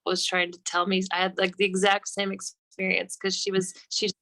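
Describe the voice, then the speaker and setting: A woman's voice: medium pitch, monotone, moderate pace. A woman hosting a casual interview podcast, asking questions and giving short affirming replies. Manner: warm affirming listener with short backchannels. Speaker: podcast host.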